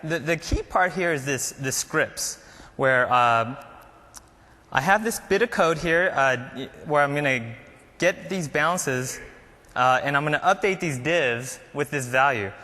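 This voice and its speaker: A man's voice: a little high, a little slow, pushed and bright, big-room sound. A man presenting a live coding demo at a conference, talking casually with fillers as he types. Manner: casual, explains while typing, frequent fillers.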